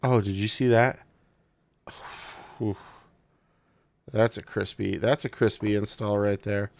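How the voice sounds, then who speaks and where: Gravelly low-voiced man unboxing casually. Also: slow. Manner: profane, excitable, jokey talk to the viewers. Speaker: tech reviewer.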